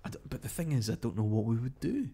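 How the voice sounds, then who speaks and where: In a fast, sing-song manner, a Scottish man hosts live overnight results coverage radio-style, chatting casually, musing and reading out tweets, updates and messages. His voice is mid-range, creaky and husky with a warm tone.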